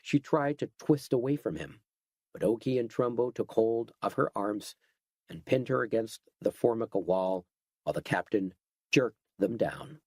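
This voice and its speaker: A man giving steady, scripted narration of a horror audiobook. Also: medium pitch, moderate pace, no room sound.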